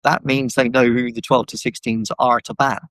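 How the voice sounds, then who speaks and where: A man speaking as a podcast guest over a video call, animated and full of fillers, often acting out what others said. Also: medium pitch, moderate pace, no echo, poor audio. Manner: animated, acts out quoted voices, many fillers. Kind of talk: casual conversational discussion. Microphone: video call microphone.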